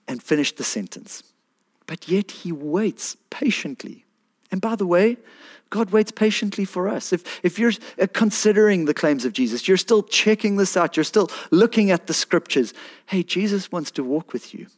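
A man preaching a sermon, animated and pleading, rising to emphatic peaks as he reads and explains scripture. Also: high voice, normal speed. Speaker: pastor.

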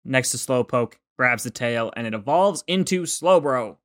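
A man's voice: lively intonation, normal speed, fairly bright tone. Wry, sarcastic man recapping episodes. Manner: wry, swears casually, pops into high mocking impressions. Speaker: podcast co-host. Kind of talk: casual chat, recapping episodes.

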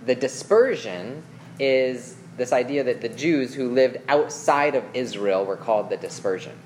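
Male preacher, mid-pitched, relaxed explainer who quizzes his listeners, faint noise behind. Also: measured pace. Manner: reads scripture aloud, then explains it; checks in with listeners with questions and "okay?". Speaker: preacher teaching a Bible passage. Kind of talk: conversational Bible teaching.

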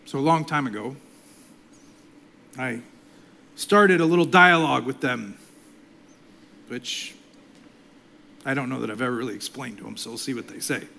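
A middle-aged male pastor preaching a sermon, swinging between loud emphasis and soft, near-whispered passages. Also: medium pitch, moderate pace, creaky, long pauses.

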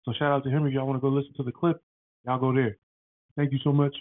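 A man hosting a casual podcast, talking in an excitable, rambling way full of slang and fillers. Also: medium pitch, fast talker, no room sound. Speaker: podcast host. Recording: dry, tinny phone-like sound.

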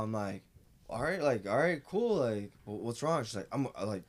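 A man telling his side of the story in casual chat, lively and profane. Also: fairly low pitch, a little fast.

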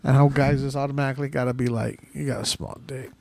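A man's voice: medium pitch, fairly even intonation, quick pace, creaky, darkish tone, slight background noise. A man co-hosting a casual podcast, telling loose, laughing stories with lots of swearing. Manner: loose storytelling, heavy swearing, frequent laughs. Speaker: podcast co-host.

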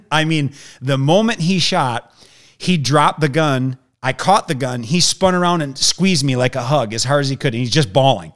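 A man telling a hunting story in a lively way, acting out the voices of the people in it. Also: medium pitch, moderate pace.

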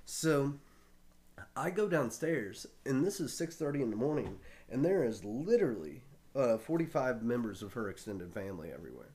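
A man's voice: mid-range voice, big pitch swings, normal speed, a little mellow. A man casually telling a long, profane anecdote, often laughing as he talks. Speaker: storyteller on a talk show.

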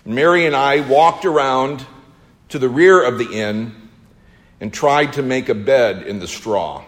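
A man performs a first-person story in a slow, measured delivery, letting emotion build in waves. His mid-range voice rings out into a big space with a long echo tail, like a preacher in a church. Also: mid-range voice. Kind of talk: first-person dramatic monologue. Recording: long hall reverb.

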